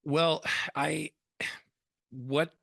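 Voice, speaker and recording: Male guest in his forties, animated storyteller, low and bright, dry close sound. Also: drawn-out words, vocal fry, no room sound. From United States. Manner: animated storyteller, acts out both sides of phone calls. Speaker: guest, credit union CEO and former rock singer. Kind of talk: casual interview storytelling.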